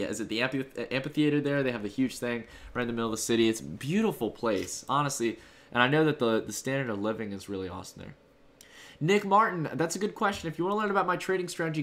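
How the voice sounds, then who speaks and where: Upbeat man chatting with live viewers. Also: medium pitch. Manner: upbeat, reads and answers chat messages; loose, rambling delivery with fillers and restarts. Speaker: livestream host. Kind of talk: casual live chat with viewers.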